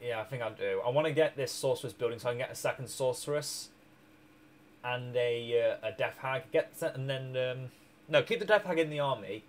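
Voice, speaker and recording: Talking fairly quickly at a medium pitch, a man gives casual commentary while streaming a strategy game, with slight noise in the background. He's fatigued and keeps hiccuping, meandering over his choices, revising himself, restarting, and chuckling.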